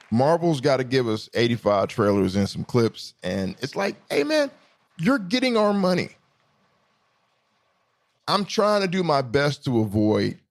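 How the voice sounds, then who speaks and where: A man hosting his podcast, riffing in an animated, profane, emphatic way in casual chat. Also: on the high side. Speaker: podcast host.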